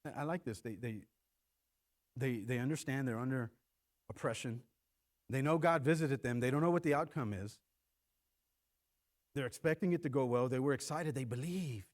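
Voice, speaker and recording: A middle-aged man preaching a sermon in church, animated and acting out quoted lines in shifting voices. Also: medium pitch, moderate pace, long pauses. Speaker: pastor.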